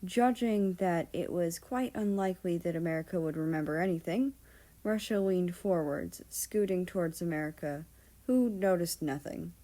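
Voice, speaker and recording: A woman's voice: on the low side, normal speed, dark tone. A woman reading fan fiction aloud, narrating casually with offhand asides and the odd swear word. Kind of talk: storybook narration.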